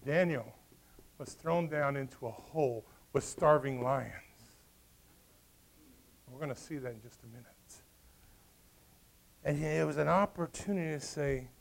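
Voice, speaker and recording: A man preaching a sermon in an animated way, acting out the story's characters as he goes. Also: a little high, a little slow, vocal fry, long pauses. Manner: animated, acts out voices of the characters. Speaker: pastor.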